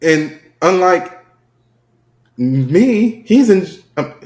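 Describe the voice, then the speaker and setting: A man co-hosting a casual podcast, joking and expressive. His pitch swings widely as he talks. The sound carries an echoey room. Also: extremely slow. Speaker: podcast co-host. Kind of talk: casual chat.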